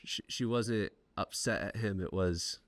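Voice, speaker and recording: A man hosting a conversational interview podcast, telling stories in an animated way with lots of "like" fillers. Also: lowish voice, a little slow, no room sound. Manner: animated storyteller with many "like" fillers. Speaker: podcast host.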